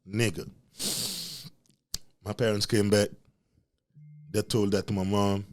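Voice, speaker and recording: Podcast host, young man from Africa, lowish voice, animated profane storyteller. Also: slow pace. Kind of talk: storytelling rant.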